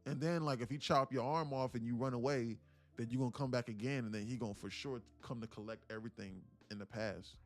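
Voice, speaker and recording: A man's voice: quick pace, faint music behind. A man hosting a day-trading livestream, talking casually with slang and acting out little scenes, then dropping to a mutter over the chart. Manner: animated, acts out little scenes with voices, slangy; drops to a low mutter when reading the chart.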